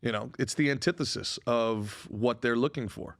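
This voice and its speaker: A man's voice: medium pitch, moderate pace, dry recording. Man, twenties, podcast co-host, crude jokes, rambling, dry sound. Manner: crude, joking, rambling with filler words. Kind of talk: casual podcast banter.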